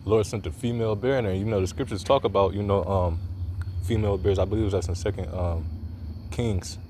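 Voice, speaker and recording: A man's voice: deep voice, steady tone, fairly quick, warm tone, a little hiss or hum. A man commenting on a news clip in a preaching way, informal and loose, with many fillers and a repeated "all right". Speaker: religious commentator.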